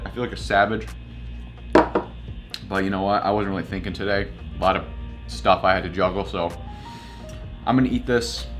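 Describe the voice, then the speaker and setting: A young man vlogging, casually telling a story and acting out both sides of the conversations. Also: fairly low pitch.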